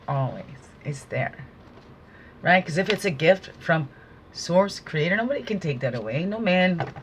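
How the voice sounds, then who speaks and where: A woman's voice: lowish voice, animated, a little slow, slight background noise. A woman talking through an oracle card reading, giving casual, earnest spiritual guidance with preachy asides.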